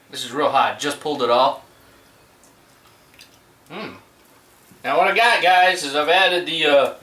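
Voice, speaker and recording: Middle-aged man, bright voice, chatty backyard cooking vlog, roomy sound from a distance. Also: on the high side. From US Gulf Coast. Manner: laid-back, chatty, talks to viewers while cooking. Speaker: home cook vlogger. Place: outdoors at a backyard grill. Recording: roomy sound from a distance, faint background noise.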